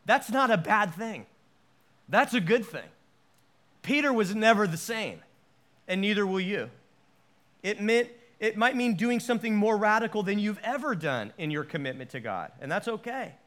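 High-voiced animated male preacher. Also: normal speed. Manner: animated preaching with stammered restarts and voiced quotes. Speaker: pastor. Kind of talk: sermon.

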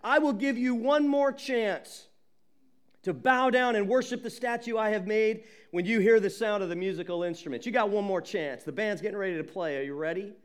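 A man's voice: high-pitched, moderate pace, natural voice. A man acting out a boastful, enraged ancient king in a sermon, blustering and mocking. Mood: threatening. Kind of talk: sermon retelling with acted quotes.

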